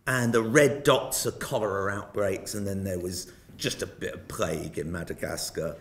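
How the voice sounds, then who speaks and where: A man's voice: sits low, fairly even intonation, normal speed. An older British man giving a public lecture, telling wry, self-mocking anecdotes. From Britain. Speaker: guest lecturer. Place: lecture hall. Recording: roomy hall sound.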